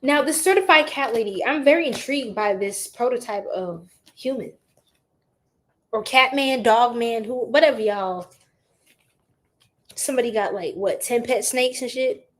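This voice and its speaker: A young woman giving a casual live-stream tarot reading, animated and slangy as she chats with her viewers. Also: on the high side, moderate pace.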